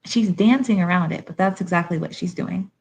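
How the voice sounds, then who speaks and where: A woman's voice: on the low side, brisk. A woman from Haiti hosting a live stream. She gives blunt, sassy commentary and fires off rhetorical questions. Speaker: livestream commentator.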